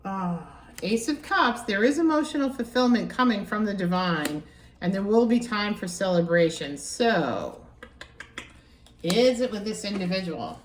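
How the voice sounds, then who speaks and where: A woman giving a casual tarot reading, musing aloud and repeating phrases with animated excitement. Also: medium pitch, measured pace, distant mic, slight background noise. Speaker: tarot reader. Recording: echoey room, voice from off-mic.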